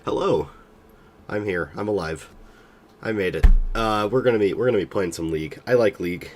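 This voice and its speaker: This gaming streamer, a young man, has a lowish, darkish voice and moves at a moderate pace. Sick and worn out, he chats loosely, hesitating often and running himself down as he drifts from point to point.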